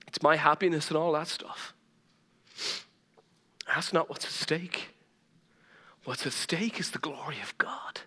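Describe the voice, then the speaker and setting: A middle-aged Irish pastor preaches with a high, bright, forceful voice, mixing humor and self-mocking stories into his sermon. His voice rings with the long reverb of a large church hall, picked up by a stage mic. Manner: humorous storytelling, laughing at himself. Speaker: lead pastor.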